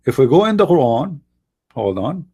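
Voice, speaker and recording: A man hosting a live debate show, speaking in a sarcastic, mocking way, somewhat hoarse and coughing now and then, with slightly non-native English phrasing. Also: fairly high pitch, big pitch swings, normal speed, dark tone, lo-fi sound. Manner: mocking, sarcastic, mimics voices.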